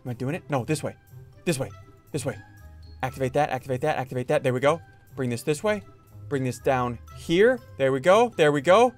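A man hosting a gaming video, narrating his own moves in an excitable way and yelping or shouting when things go wrong. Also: medium pitch, brisk, faint music behind. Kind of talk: Minecraft let's-play commentary.

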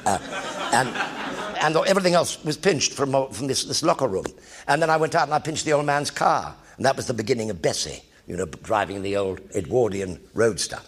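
Gravelly older English raconteur. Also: male voice, mid-range voice, fairly quick. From England. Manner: lively raconteur, acting out quoted colleagues. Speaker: actor telling career stories on stage. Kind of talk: anecdotal one-man stage show.

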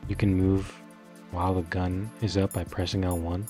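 A young man casually commentating his video game playthrough, swearing freely, laughing often and bursting into excited outbursts. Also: deep voice, normal speed, faint music behind. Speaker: gaming streamer. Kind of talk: casual let's play commentary.

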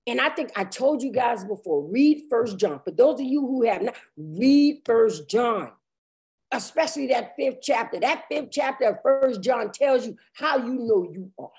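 Woman preacher, tearful, gravelly edge, high voice, cries out in passion. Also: lively intonation. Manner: impassioned, cries out and shouts while preaching, reads scripture slowly. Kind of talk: sermon.

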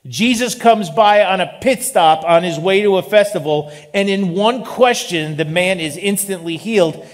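Animated preaching man in reverberant hall. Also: on the high side. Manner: animated, joking asides. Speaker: pastor. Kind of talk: sermon. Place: church sanctuary. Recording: long reverb of a large hall.

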